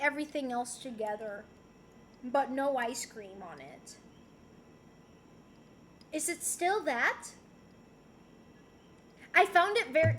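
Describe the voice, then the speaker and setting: A woman's voice: sits high, fairly bright tone, a little hiss or hum. A young woman from Rico, chatting casually and playfully on a livestream as she reads and answers chat messages. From Puerto Rico. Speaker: streamer.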